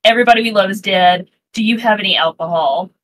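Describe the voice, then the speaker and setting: A woman playing a tabletop game in character, blunt and deadpan. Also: medium pitch, fast talker, low-quality recording. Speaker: player.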